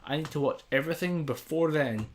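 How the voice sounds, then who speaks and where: A man's voice: fairly high pitch, a little fast. A young man co-hosting a podcast in casual, sweary, joking chat. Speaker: podcast co-host.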